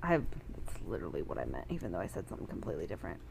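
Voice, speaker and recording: A woman's voice: very deep voice, wildly swooping pitch, very fast, gravelly, darkish tone, a little hiss or hum. A woman co-hosting a podcast in casual chat, chatty and giggly, laughing often as she reads listener messages. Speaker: podcast co-host.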